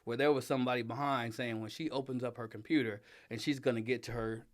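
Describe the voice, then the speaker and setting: Animated, emphatic middle-aged man. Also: mid-range voice, fast talker. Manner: animated and emphatic, laughs often, gets loud when riled. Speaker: interview guest, father and design director. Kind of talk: casual conversational interview.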